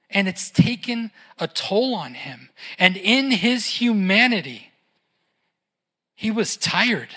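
Slow, unhurried conversational preacher. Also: medium pitch, a bit bright. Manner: conversational, keeps asking "right?". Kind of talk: sermon.

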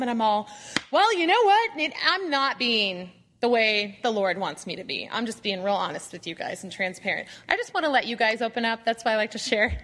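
A woman's voice: on the high side, big-room sound. A woman in her thirties or forties telling a funny personal story to a Bible study group, acting out her own grumbling and asides. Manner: animated, self-mocking storytelling with acted-out asides.

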